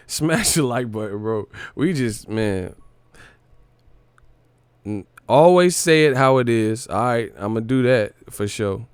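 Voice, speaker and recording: A man's voice: medium pitch, animated, takes it slowly, smooth, no echo. A man hosting a casual boxing live stream, mocking and profane, laughing often between his jabs.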